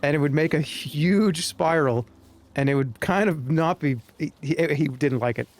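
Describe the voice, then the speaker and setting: A man's voice: fairly high pitch, normal speed. A man streaming a game live, chatting to viewers in a joking, rambling way. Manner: joking, rambling, talks to chat. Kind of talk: live-stream gameplay commentary.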